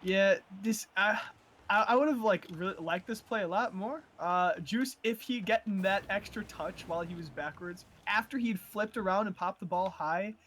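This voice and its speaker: A man's voice: high voice, moderate pace, a bit bright, a little hiss or hum. A man giving live esports color commentary, analytical and explaining plays with frequent fillers and restarts.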